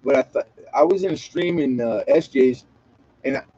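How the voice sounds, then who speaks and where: A man's voice: medium pitch, moderate pace, dark tone, slightly rough. Rambling, profane man on a lo-fi stream. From Southern California. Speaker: livestream host. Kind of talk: casual late-night livestream chat.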